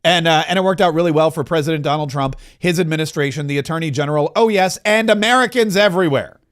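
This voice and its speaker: A man's voice: fairly high pitch, fast. A man hosting a political podcast, giving opinionated commentary with sarcastic, mocking quips and loose, restarting sentences.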